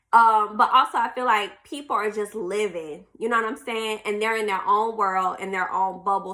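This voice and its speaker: A woman's voice: mid-range voice, sharp tone. A woman hosts a podcast in a casual chat, reading passages from a self-help book aloud and talking to listeners as y'all. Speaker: podcast host.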